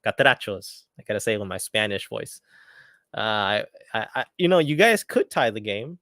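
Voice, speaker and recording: A man's voice: on the low side, very animated, normal speed, fairly bright tone, dry recording, studio quality. A man hosting a live football watchalong, reacting eagerly and chatting casually, often repeating his phrases. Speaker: watchalong host. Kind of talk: live match commentary watchalong.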